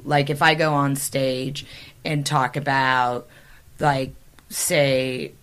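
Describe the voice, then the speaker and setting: A woman's voice: extremely low pitch, level tone, takes it slowly, fairly bright tone, clean tone. A woman with a Midwestern American accent, hosting a podcast in chatty, rambling conversation. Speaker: podcast host. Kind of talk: casual conversation.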